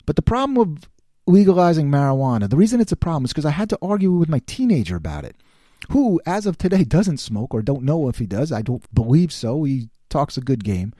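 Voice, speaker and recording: A middle-aged man hosting a podcast, delivering an opinionated political monologue in a sarcastic, animated way. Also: on the high side, brisk, no echo, clean studio sound. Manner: animated, sarcastic, quotes others in put-on voices. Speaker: podcast host.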